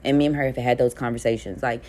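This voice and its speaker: A woman's voice: very deep voice, fairly even intonation, quick pace, dark tone. A woman in her thirties telling her story in a casual monologue, blunt and profane, laughing between lines. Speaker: spiritual content creator.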